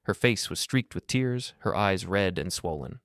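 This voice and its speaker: A man narrating a scripted drama story in a measured, dramatic way. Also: low voice, lively intonation, fairly bright tone, dry recording, clean studio sound.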